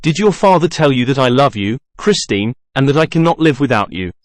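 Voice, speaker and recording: A man's voice: mid-range voice, sing-song, brisk, dry recording, studio quality, close to an everyday voice. A man reading the lines of a shy, jealous young nobleman in an earnest, pleading way.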